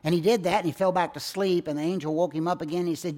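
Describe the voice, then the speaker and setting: Preaching man with a higher voice. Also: fairly even intonation, rapid-fire, few pauses. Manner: dramatic swings between loud emphasis and hushed low endings. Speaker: pastor. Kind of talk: sermon.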